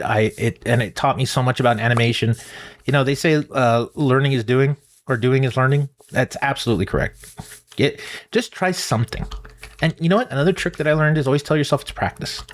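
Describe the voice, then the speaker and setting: A man's voice: medium pitch, fairly quick. A man hosting a gaming channel, rambling and talking to himself while he plays. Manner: rambling, animated, talks to himself while playing. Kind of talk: casual gameplay commentary.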